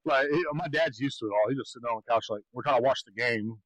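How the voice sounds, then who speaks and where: A man's voice: mid-range voice, quick pace, fairly bright tone, dry recording, low-quality recording. A man co-hosting a podcast, telling rambling stories in casual chat and laughing often. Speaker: podcast co-host.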